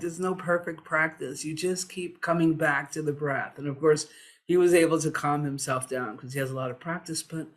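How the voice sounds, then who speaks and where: Male guest, calm and reflective, measured coaching delivery, a touch high-voiced. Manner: gentle, unhurried, coaching tone. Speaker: diversity activist guest. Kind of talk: calm reflective conversation on mindfulness.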